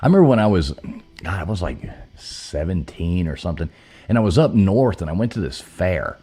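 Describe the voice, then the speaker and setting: Male call-in host, very deep and dark-toned, animated, rambling delivery. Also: brisk, breathy edge. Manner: rambling, with many fillers, loose and animated. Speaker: host of a live call-in show. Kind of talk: casual chat and storytelling.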